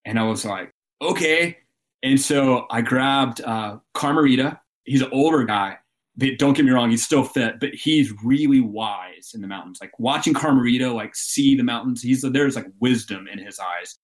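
Animated man telling stories. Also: medium pitch, normal speed. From Alabama. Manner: animated storyteller, laughs often. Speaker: guest, mountain guide. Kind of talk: storytelling interview.

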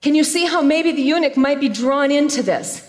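A woman preaching a sermon, retelling a scripture story with animated storytelling and playful asides. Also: sits high, normal speed. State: choked up with emotion.

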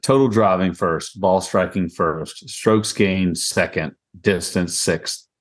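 Deep-voiced Southern man, rambling golf chat. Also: slow. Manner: rambling, laughs often, lots of "I mean". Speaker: podcast co-host. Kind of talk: casual golf podcast chat.

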